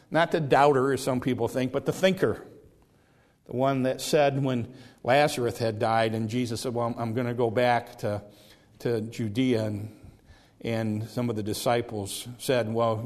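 An earnest man delivers a sermon in an ordinary middle-pitched voice. He often repeats words as he builds toward a point. He slows right down to stress the key phrases. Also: a little mellow. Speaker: preacher.

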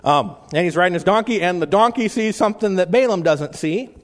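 A male pastor delivers a sermon in a somewhat high voice, talking to the congregation like a friend. He restarts phrases as he goes and slows down when he quotes scripture. His voice carries a long reverb from the church hall. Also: lively intonation. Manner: conversational preaching with frequent restarts, slowing for scripture quotes.

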